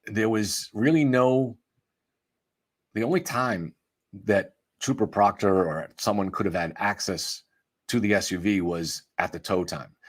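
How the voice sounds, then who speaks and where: A man reading a magazine article aloud and stopping often to add his own commentary, thinking aloud as he goes. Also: fairly low pitch. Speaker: true-crime commentator.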